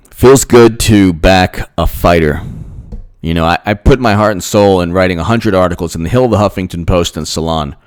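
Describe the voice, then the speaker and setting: A man's voice: low voice, unhurried, pauses often, clear, resonant tone. A man hosting his own political commentary channel, ranting sarcastically, repeating himself and mocking others in put-on voices. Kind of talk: rambling solo political rant.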